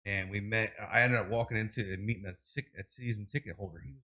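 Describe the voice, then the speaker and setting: Man, thirties, podcast guest; bright, slightly low voice, loose storytelling full of fillers. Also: fast. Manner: rambling, animated storytelling with many fillers. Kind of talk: casual interview chat.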